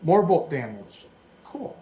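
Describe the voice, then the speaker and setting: In a dim room at home, a man in his forties builds a Lego set while giving casual, rambling commentary and thinking aloud. His voice is on the high side with big pitch swings, he takes it slowly, and the sound is lo-fi.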